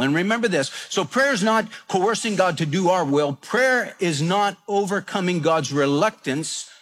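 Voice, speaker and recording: A man with a fairly high, fairly bright voice delivers a radio sermon. He tells folksy stories and keeps repeating his points, often restarting his sentences.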